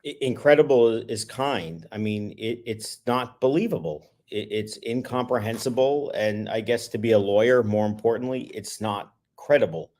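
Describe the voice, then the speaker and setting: A man with a somewhat low voice speaks as a criminal defense attorney on a podcast. He talks in a measured, lawyerly way, weighing each word. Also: a little mellow. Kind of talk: casual podcast commentary.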